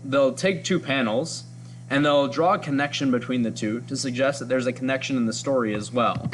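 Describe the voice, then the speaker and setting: A man in a teacher's role talks his listeners through a comic's panels in an upbeat, explanatory tone. His voice sits at a middle pitch, with scattered ums. A faint hum runs under the recording. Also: fairly bright tone. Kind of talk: reading and analyzing a comic for students.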